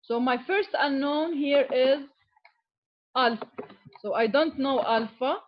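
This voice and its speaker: A high-voiced woman teaches engineering at a slow pace, with the highs cut off and slight noise in the background. She explains each step, checks in often with "okay?", and shifts into Arabic when addressing students.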